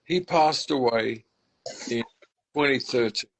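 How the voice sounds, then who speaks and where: A man's voice: mid-range voice, takes it slowly, noisy background. An older man from England, a musician guest telling stories in a casual interview, reflective and full of restarts. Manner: reflective, warm faith talk with many restarts.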